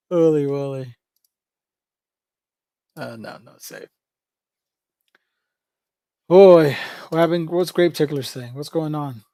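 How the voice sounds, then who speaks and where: A man's voice: a little high, mellow, dry recording, studio quality. A man streaming live, chatting casually with his viewers in a rambling, profane way and laughing often. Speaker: livestreamer. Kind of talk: casual livestream chat.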